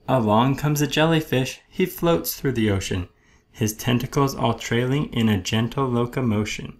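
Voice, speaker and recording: A man's voice: mid-range voice, moderate pace. A man reading a rhyming children's picture book aloud with a rhythmic storytelling manner. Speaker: storybook reader.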